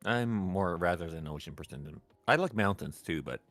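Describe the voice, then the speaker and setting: A man chatting casually over drinks as a guest on a stream, relaxed and halting with restarts. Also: sits low, dry recording.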